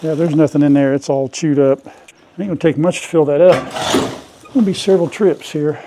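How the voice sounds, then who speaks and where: A farm vlogger, an older man, chats folksily to viewers while clearing out an old outbuilding and yard, now and then coughing on the dust. His voice is fairly high and fairly even, at a moderate pace, and the recording is very noisy.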